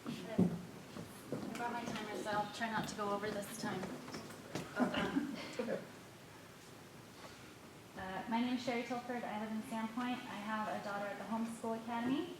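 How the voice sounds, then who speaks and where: A woman speaking as a parent during public comment at a school board meeting, reading quickly and pointedly from her notes. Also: on the high side, fairly even intonation. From United States. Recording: echoey hall with faint noise.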